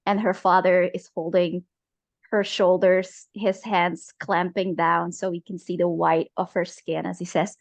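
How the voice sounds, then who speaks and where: A woman narrating as game master of a tabletop game. She speaks slowly and haltingly, pausing often. The sound is dry and close. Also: lowish voice, little pitch movement, gravelly, no room sound. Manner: halting, many filler pauses.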